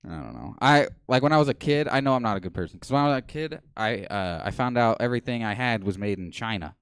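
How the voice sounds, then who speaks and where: A man in his twenties doing a deadpan, self-mocking stand-up set on a small comedy stage. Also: medium pitch, quick pace, smooth, dry recording, clean studio sound. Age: 20s.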